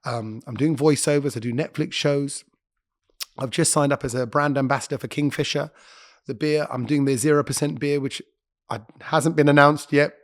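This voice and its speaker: A man, a radio presenter, chatting as a podcast guest and telling stories quickly, often breaking off to correct himself. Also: fairly high pitch, fairly even intonation. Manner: quick, chatty storyteller who interrupts himself. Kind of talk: casual interview chat.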